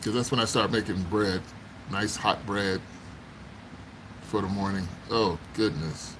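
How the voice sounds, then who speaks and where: A man's voice: on the low side, a little slow, background noise. A man hosting a casual livestream, chatting with viewers, laughing often and exclaiming as he talks. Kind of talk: casual live chat. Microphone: phone.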